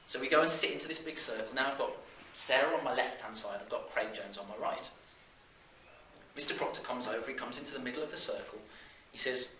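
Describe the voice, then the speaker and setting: A man in his thirties from the West Midlands of England, telling a story to a live audience in an animated way, with plenty of fillers and restarts. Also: medium pitch, quick pace. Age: 30s. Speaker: business speaker. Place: seminar room. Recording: roomy live room, distant mic, faint noise.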